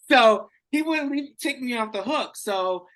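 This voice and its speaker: A man's voice: very high voice, lively intonation, slow pace, a bit bright. Chatty man hosting a casual podcast. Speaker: podcast host. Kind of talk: casual interview chat.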